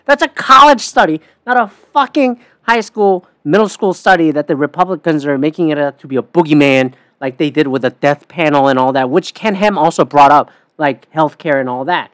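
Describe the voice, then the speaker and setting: A man's voice: a little high, a bit bright, no room sound. A man hosting a podcast, telling a story in casual, sarcastic style, swearing often. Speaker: podcast host. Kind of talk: casual profane monologue.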